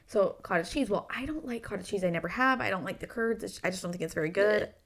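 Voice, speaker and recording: A woman's voice: medium pitch, lively intonation, fast, creaky. A woman from Utah co-hosting a podcast, chatting casually and enthusiastically, teasing herself and her friend. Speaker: podcast co-host. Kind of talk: casual chat.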